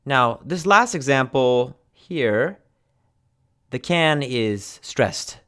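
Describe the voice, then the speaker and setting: A man with an American accent, teaching English pronunciation slowly and repeating each example. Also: medium pitch, animated, a bit bright. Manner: slow, deliberate, repeats examples. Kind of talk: pronunciation lesson.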